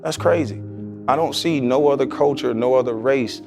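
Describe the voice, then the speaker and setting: A former basketball player speaks as a podcast guest with a gravelly, creaky voice. He argues his point bluntly and with emphasis. Faint music plays underneath. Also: mid-range voice, moderate pace. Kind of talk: podcast interview.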